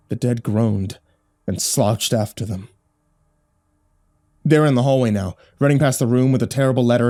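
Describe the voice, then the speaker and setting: A man narrating a horror story in a low, hushed, dramatic way.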